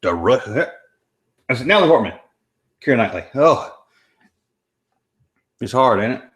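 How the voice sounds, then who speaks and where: A man's voice: medium pitch, sing-song, unhurried. A man with a Southern American accent hosting a live stream, chatting and rambling as he reacts to a movie. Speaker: host. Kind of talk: casual live-stream commentary.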